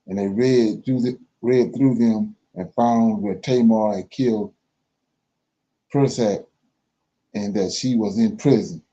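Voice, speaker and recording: Man, scripture reading, very dark mellow voice, lowish pitch, careful halting delivery, dull lo-fi stream sound. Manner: slow, careful reading with pauses and self-corrections. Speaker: scripture reader in a Bible study.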